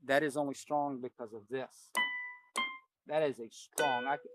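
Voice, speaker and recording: A piano teacher with a mid-range voice and steady tone speaks at a moderate pace, naming notes and thinking aloud in a casual ear-training lesson. Loud piano playing fills the background.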